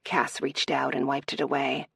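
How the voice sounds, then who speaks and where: A woman reading a romance audiobook aloud in a steady, measured narration. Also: rumbling low, creaky, husky, no echo, studio quality.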